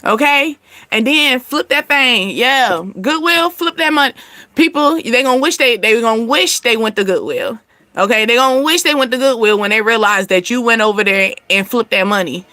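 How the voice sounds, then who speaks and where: Bright, chatty woman vlogger. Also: fairly high pitch, expressive, normal speed, no echo. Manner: chatty, laughs often, blunt with swearing. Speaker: channel host. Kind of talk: casual advice talk to viewers.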